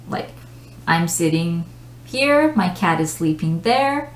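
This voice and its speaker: A woman gives an English pronunciation lesson at an unhurried, deliberate pace. She explains patiently and works through examples, and her voice rings in an echoey room. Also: on the low side, fairly bright tone. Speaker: English teacher.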